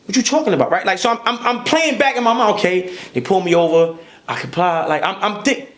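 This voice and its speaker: A man with a high voice and tells a heated story in a podcast conversation. He talks in an animated, profane way, stacking repeated words when he gets worked up. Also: quick pace. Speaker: podcast guest.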